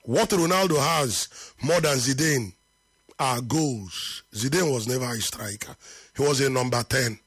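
A man's voice: a bit bright, husky, no room sound, studio quality. A man hosting a live football talk show, arguing points emphatically and reading out viewer comments. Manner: emphatic, repeats points for effect, drops to low slow tones.

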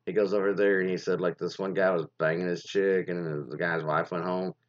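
A man's voice: sits low, flat delivery, a little fast. A man chatting casually as host, rambling with many fillers and restarts while he reacts to stories. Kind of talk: casual commentary on reader stories. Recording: dull lo-fi sound.

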